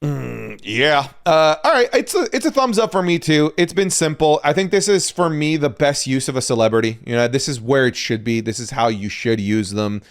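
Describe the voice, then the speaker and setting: A young man co-hosting a podcast in casual chat, relaxed and rambling with lots of fillers and restarts. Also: medium pitch, moderate pace, few pauses. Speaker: podcast co-host.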